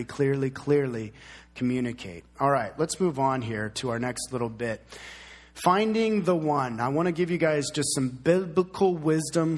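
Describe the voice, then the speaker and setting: A man in his thirties preaching a sermon as pastor, emphatic and fond of repeating key words. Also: medium pitch.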